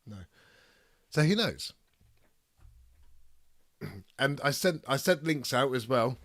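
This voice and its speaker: A man with a raspy voice from a cold, chatting casually on a live stream and reading chat aloud. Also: mid-range voice, animated, slow, a bit bright, no room sound, studio quality. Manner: reads chat aloud, rambling and swearing. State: ill with a cold, raspy throat. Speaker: streamer hosting a debate.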